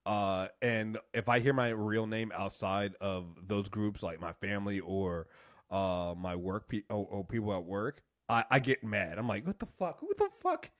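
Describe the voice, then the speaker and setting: A man co-hosting a casual TV review podcast, animated, acting out scenes and laughing often. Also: fairly low pitch, measured pace. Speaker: podcast co-host.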